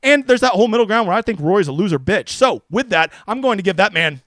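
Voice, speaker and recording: A man streaming fantasy golf picks in casual livestream commentary, brash and profane, excitable and jokey. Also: high-pitched, fast, no room sound. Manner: excitable, with mock voices.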